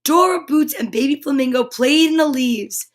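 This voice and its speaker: An animated woman reads aloud from a children's picture book, slipping in chatty little comments to whoever's listening. Her voice sits high, at a moderate pace.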